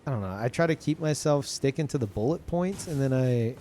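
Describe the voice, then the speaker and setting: A male streamer chatting casually to his viewers, rambling through fillers and false starts and swearing often. He calls his own voice monotone, yet his pitch rises and falls a lot. A faint hum of room noise sits under his voice. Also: brisk. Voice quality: self-described monotone. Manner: rambling, many fillers and restarts, frequent swearing. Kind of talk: casual live-stream chat.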